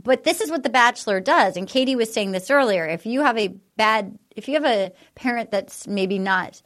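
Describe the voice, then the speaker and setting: A woman's voice: on the high side, expressive, moderate pace, a bit bright. A woman hosting a casual podcast chat, recapping at length in a rambling way with many fillers. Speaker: podcast host.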